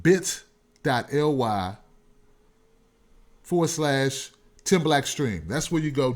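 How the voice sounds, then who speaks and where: A man with a high, bright voice hosts a casual live stream, addressing his viewers directly. He's loud and animated, filling his talk with joking, preachy asides.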